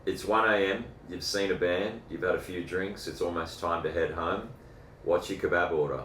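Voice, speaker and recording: A man interviewing a guest with brisk, matter-of-fact rapid-fire questions. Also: low-pitched, steady tone, fairly bright tone, slight background noise. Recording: echoey room.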